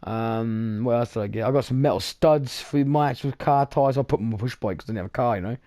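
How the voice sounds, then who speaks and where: A man's voice: medium pitch, fairly quick, dark tone, dry recording, clean studio sound. A young British man with a gaming channel, rambling in casual, blunt chat full of swearing while he plays. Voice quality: swears freely, chatty, blunt. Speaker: gaming streamer.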